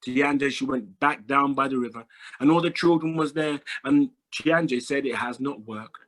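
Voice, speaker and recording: A man telling a folk tale aloud to an audience, rhythmic and repetitive with dramatic pauses. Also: mid-range voice, steady tone, a bit bright. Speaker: storyteller.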